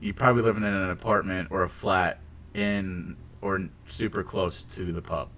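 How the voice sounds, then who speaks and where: An American man chatting casually on a podcast, rambling and halting, with casual swearing. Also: sits low, steady tone, fairly bright tone. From United States. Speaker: podcast host. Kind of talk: casual chat.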